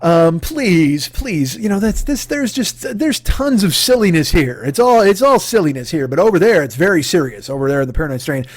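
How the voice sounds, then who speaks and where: A rambling comedy podcast host, a man whose voice sits a bit higher than most. He swears freely and wanders off into jokey asides, recorded dry and close to the mic. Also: big pitch swings, normal speed, few pauses, breathy edge, no room sound. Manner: rambling, profane, jokey, sings silly nonsense syllables. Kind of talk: rambling comic sponsor read.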